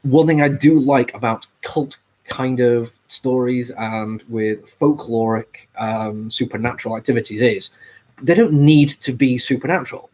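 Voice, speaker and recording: A man talks casually through a comic book review. His voice is a little husky and sits at an everyday middle pitch. He rambles eagerly, scattering ums and uhs as he goes. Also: steady tone, measured pace, darkish tone.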